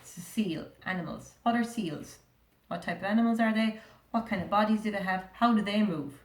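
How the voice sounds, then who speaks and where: An Irish woman teaches a young class to read, speaking at an everyday middle pitch. She is patient, sounds words out slowly and keeps asking the children questions. Her voice rings a little in an echoey room. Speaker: primary school teacher. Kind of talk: recorded remote reading lesson.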